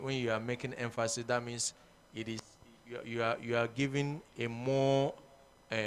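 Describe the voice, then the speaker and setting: A man's voice: medium pitch, fairly bright tone, smooth. A man with a Nigerian English accent reading out music theory definitions, repeating each phrase. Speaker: choir music teacher.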